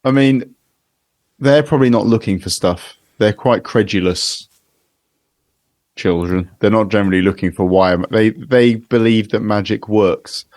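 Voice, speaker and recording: A man's voice: fairly low pitch, a little slow, a little mellow, dry recording. A man co-hosting a podcast in casual chat, analytical and given to dry short quips. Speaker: podcast co-host.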